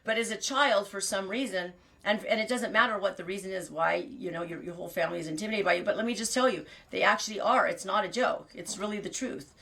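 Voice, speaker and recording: A woman's voice: mid-range voice, fast talker, vocal fry, a bit bright. A middle-aged woman hosting a show, talking candidly in a rambling confessional monologue, often restarting mid-sentence. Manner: rambling, self-interrupting and candid. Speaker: podcast host.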